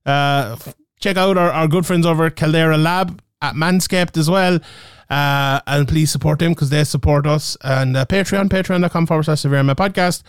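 A man co-hosting a podcast, his voice smooth and resonant and a touch higher than most. He talks bluntly and jokes around, swearing freely. The sound is close and dry, with no room in it. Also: moderate pace, dry recording. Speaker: podcast co-host. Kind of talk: casual podcast chat.

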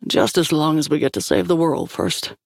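A woman's voice: sits low, expressive, normal speed, vocal fry, no echo, clean studio sound, heavily acted. A woman voicing an eager, boyish young man who gets flustered easily.

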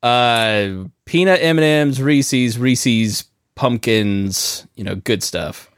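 A man co-hosting a podcast, telling animated, funny anecdotes with frequent laughter. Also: medium pitch, slow, smooth, dry recording, studio quality. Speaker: podcast co-host. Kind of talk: casual comedic chat.

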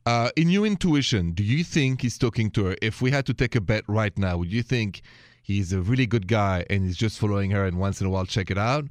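This late-night radio advice host has a fairly low voice and talks a little fast as he chats warmly with callers and encourages them. A thick accent colors his speech. The studio microphone gives a clean, echo-free sound.

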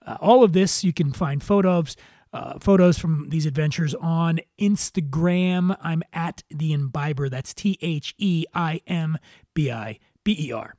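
A man's voice: on the high side, unhurried, mellow, dry recording, clean studio sound. A man from Philadelphia hosting a podcast, reading announcements and a scripted segment with wry jokes and filler words. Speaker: podcast host. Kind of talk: podcast monologue with housekeeping and scripted narration.

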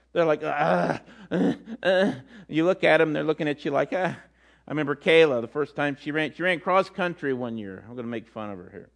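A man's voice: on the high side, brisk. A middle-aged man giving a sermon as a pastor, telling stories and acting out the quotes in different voices. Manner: storytelling, acts out quotes with voices.

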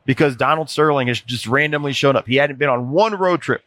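A man guest on a casual sports podcast, telling animated anecdotes and often restarting his sentences. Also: medium pitch, brisk. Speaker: podcast guest, former NBA video coordinator. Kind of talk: casual storytelling chat.

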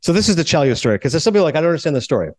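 A man from Canada hosting a podcast, telling stories in a lively way and acting out what others said. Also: a little high, racing. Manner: animated storyteller, acts out quotes. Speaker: podcast host. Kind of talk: casual sports and film chat.

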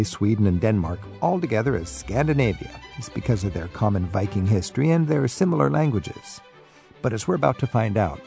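A man's voice: mid-range voice, gravelly, dark tone. A man hosting a radio talk show, asking guests curious, friendly questions in short prompts. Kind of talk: public radio interview.

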